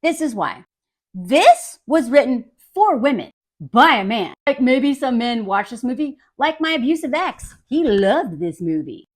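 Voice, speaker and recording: Animated, sarcastic woman commentator. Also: high voice, a little slow. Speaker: film commentator. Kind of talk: casual film commentary.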